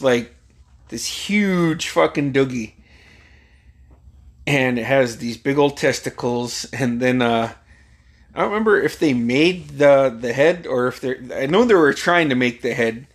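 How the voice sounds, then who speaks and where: A man's voice: mid-range voice, unhurried. A man in his forties from Alaska, telling a rambling, profane anecdote and chuckling often. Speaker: storyteller.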